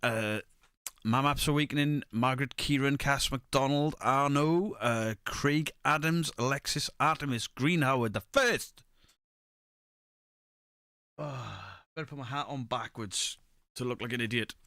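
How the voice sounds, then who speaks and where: A man's voice: mid-range voice, a little slow, bright, forceful tone, no room sound. A middle-aged man, chatting casually on a live stream, greeting viewers by name and swearing freely. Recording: close mic, dry room.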